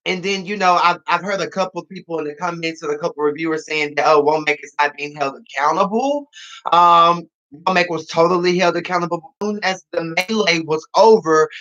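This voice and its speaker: A man's voice: sits high, sharp tone, dull audio. A man reviewing a reality show he is part of, in casual podcast talk, sassy and dramatic, repeating phrases for emphasis. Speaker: reality TV cast member reviewing his show.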